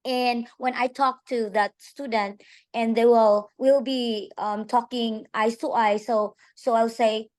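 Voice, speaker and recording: A woman's voice: on the high side, steady tone, a little slow, a little mellow, no room sound. A woman teacher, speaking hesitantly with many fillers on a video call. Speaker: teacher, meeting participant. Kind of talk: casual sharing on a video call.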